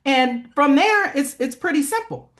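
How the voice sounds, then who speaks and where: A woman's voice: sits high, animated, unhurried, fairly bright tone. Woman explaining funding in plain terms. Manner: explanatory, plain-spoken, frequent "right?" checks. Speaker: guest, funding expert. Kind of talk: conversational interview.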